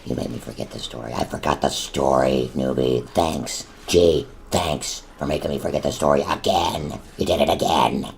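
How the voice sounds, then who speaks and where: Man doing a deep gruff hothead, gravelly fry, blustering, snappish, comedic banter. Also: fairly even intonation, moderate pace, few pauses, a little hiss or hum. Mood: irritated. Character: hot-tempered gruff man, easily riled.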